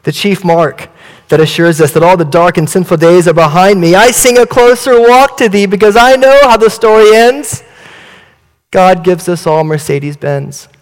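Pastor putting on a smug bragging church guy, pitch jumps way up, echoey hall. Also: normal speed, lightly acted. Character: smug prosperity-minded male churchgoer.

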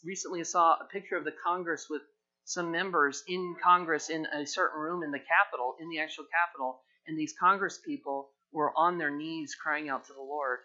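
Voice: mid-range voice, sharp tone. A pastor preaching a sermon with fervent, emphatic exhortation. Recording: dull lo-fi sermon recording.

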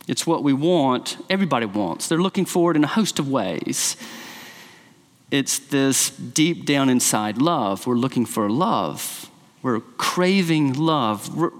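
Man preaching, fairly high voice that swings all over, big reverb like a church hall, gets real passionate. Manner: impassioned, rising to quoted speech with emphasis. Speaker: pastor. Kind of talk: sermon.

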